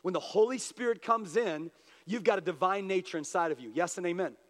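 High-voiced preaching man in a reverberant hall. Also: brisk. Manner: swings from hushed, low asides to raised, pleading prayer voices. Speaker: pastor. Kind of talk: sermon.

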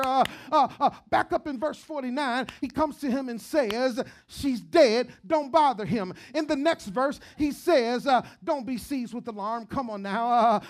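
High-voiced woman preaching with fervor. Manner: rhythmic repetition, swings between shouting and near-whispering; frequent "come on now" call-outs. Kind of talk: sermon.

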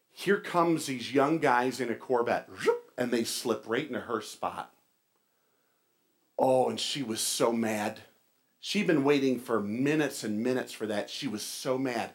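A man as pastor, giving a casual sermon with a joke and church announcements, chatty with fillers and restarts. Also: fairly high pitch.

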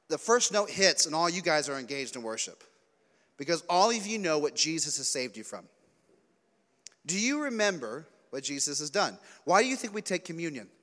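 A fairly high-voiced man gives a youth sermon in a church hall, and the long reverb trails after each line. He tells stories with lively energy, acts out the quotes and drops in jokey asides. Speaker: youth pastor.

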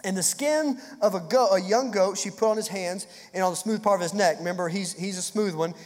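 High-voiced pastor guy preaching, jokey and casual, echoey hall. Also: a little fast, a little mellow. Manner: conversational, jokey, repeats words. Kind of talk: sermon.

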